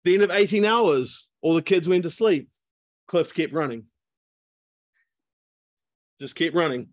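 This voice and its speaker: A chatty man spinning a yarn over a video call, peppering his talk with asides. His voice sits a little high, and the sound is close and dry with no room behind it. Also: no echo. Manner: chatty, lots of fillers and asides. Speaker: speaker. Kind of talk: casual storytelling talk.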